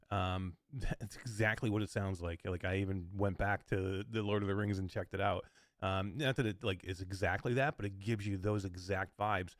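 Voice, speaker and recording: Low-voiced guy rambling on a game podcast, lots of likes and you knows, dry sound. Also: no echo. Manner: rambling, with filler words like "like" and "you know". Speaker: podcast co-host. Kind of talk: casual game review chat.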